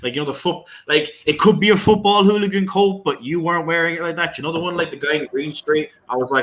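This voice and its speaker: A man's voice: on the high side, fast, few pauses, a bit bright, slight background noise. A man doing stand-up over a video call, telling rambling stories full of swearing. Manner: swearing, rambling, self-mocking. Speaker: stand-up comedian. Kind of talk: stand-up storytelling.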